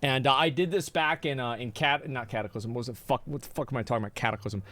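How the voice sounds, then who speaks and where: A man's voice: medium pitch, fast, fairly bright tone. A man streaming live, ranting casually and with frequent swearing while he answers chat. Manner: profane, exasperated ranting.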